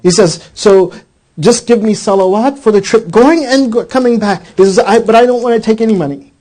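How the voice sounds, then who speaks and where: Male lecturer, high warm voice, animated storyteller, keeps saying "he says". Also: fairly quick. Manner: animated storyteller acting out quoted dialogue; repeats "he says" constantly. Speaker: speaker.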